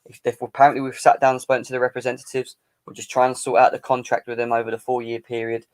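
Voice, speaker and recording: A man's voice: medium pitch, little pitch movement, quick pace. Boisterous man hosting a fan stream. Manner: boisterous, teasing banter, chanting. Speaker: fan channel live-stream host. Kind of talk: casual live-stream football chat.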